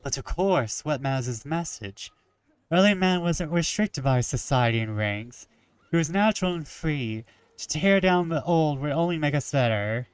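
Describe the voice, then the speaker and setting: A man's voice: on the high side, expressive, normal speed, smooth, no room sound, natural voice, poor audio. A man voicing a fervent, idealistic young revolutionary writer in a story game. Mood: earnest.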